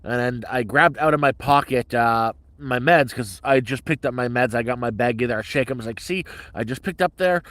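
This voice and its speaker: A man's voice: mid-range voice, fairly even intonation, fairly quick, few pauses, a bit bright, no room sound. A middle-aged man telling a story on a casual livestream in a blunt, heavily profane, agitated way.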